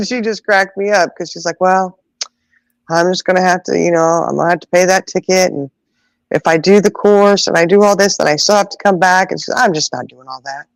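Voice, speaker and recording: On a low-quality recording with no room sound, a middle-aged woman with a lowish voice hosts a podcast, telling stories in casual conversation. She's animated, acting out quoted voices, laughing a lot, and stretching out her exclamations.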